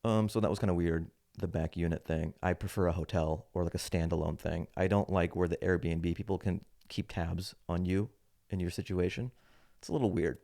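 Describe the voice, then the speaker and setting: Animated low-voiced comedian telling a story. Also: male voice. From United States. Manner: animated, acts out other people's lines in raised voices. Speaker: podcast host, standup comedian.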